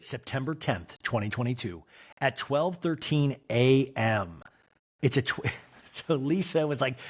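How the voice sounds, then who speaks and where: A man hosting a podcast, recapping reality TV in a campy, theatrical way and mimicking the cast. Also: medium pitch. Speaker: podcast host.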